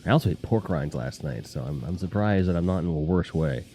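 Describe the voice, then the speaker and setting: A man's voice: low-pitched, expressive, brisk, mellow, faint music behind. A man hosting a casual live stream, rambling and joking with crude humor while talking to his chat.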